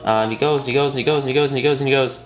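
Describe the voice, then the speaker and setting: A man's voice: medium pitch, fairly even intonation, very fast, echoey room, faint music behind. A man giving a casual, enthusiastic course lesson, talking in slangy bursts with many fillers and restarts. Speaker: course instructor.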